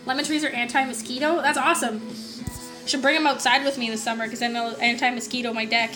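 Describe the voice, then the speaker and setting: A woman's voice: fairly high pitch, fairly even intonation, fast talker, music in the background. A woman from Canada chatting casually to her viewers on a home live stream, rambling with fillers and the odd swear word. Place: home, indoors.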